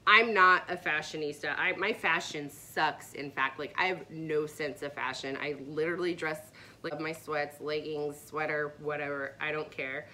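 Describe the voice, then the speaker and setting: Chatty bright-voiced woman vlogger. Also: sits low, fairly even intonation, moderate pace. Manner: chatty, enthusiastic, rambling asides. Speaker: beauty vlogger. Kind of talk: casual product review.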